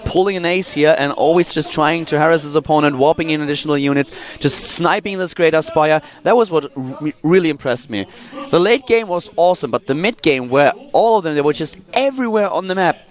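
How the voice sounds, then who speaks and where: A man's voice: fairly high pitch, brisk. A man commentating live esports as a caster, enthusiastic and gushing about the play. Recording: broadcast booth with loud game music. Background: game music.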